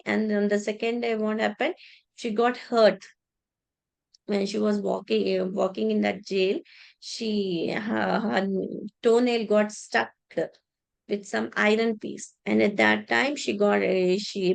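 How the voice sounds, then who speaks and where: A woman telling a devotional story in a religious class, halting with many restarts and repeated words. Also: mid-range voice, creaky.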